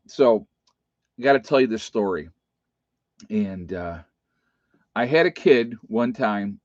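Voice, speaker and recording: A middle-aged man with an Appalachian American accent tells a story to his viewers in a loose, rambling way, full of fillers and restarts. His voice sits at a medium pitch for a man. The recording is dull and muffled, with a dry sound and no room echo. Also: darkish tone. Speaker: channel host.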